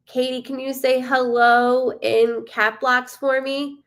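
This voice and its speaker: A woman's voice: sits high, little pitch movement, takes it slowly. A woman hosting a live stream as a psychic medium, chatting casually, greeting viewers by name and swearing freely.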